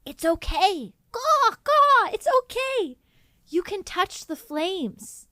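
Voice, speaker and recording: A woman's voice: very animated, slow, pushed and bright, dry recording, studio quality, full character voice. A woman voicing a mischievous, smug male crow that caws and talks, while improvising a story on a podcast. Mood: coaxing. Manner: shrill squawking cries.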